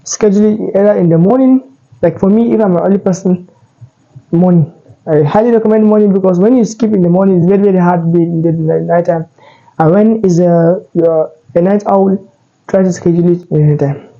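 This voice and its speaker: Man, very dark mellow tone, casual rambling advice, lots of fillers, dull lo-fi sound. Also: high-pitched, fairly quick, creaky. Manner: loose, rambling delivery with many fillers and self-corrections. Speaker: Muslim self-improvement creator.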